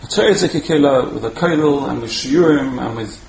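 A man giving a storytelling sermon as a Torah speaker, animated and repeating words for emphasis. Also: mid-range voice, fairly quick, gravelly. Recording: roomy echo, faint background hum.

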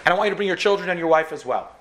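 A man voicing a sixty-five-year-old male doctor who talks in a raised, excited way. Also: sits high, racing, voice pushed up. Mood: emphatic.

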